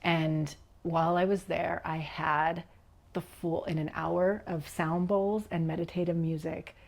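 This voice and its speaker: A middle-aged woman, a podcast guest, telling a personal story in an animated way, acting out quotes and dropping into whispers. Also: fairly low pitch, a little slow, creaky.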